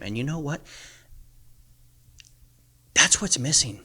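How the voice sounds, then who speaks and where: A man's voice: medium pitch, moderate pace, fairly bright tone. A man in his forties co-hosting a podcast, ranting in a blunt, intense, profane way. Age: 40s. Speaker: podcast co-host. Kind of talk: ranting motivational podcast talk.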